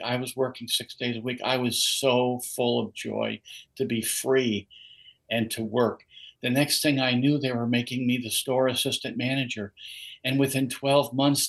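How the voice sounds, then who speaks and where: A man's voice: medium pitch, poor audio. An older man giving a personal testimony as a guest in an interview, telling his story earnestly. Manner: earnest storytelling, quoting others.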